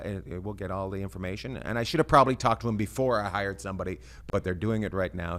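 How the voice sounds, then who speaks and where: A man's voice: sits low, vocal fry, a bit bright. A man in his fifties hosting a podcast from a small studio, rambling and self-deprecating. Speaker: podcast host. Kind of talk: podcast intro.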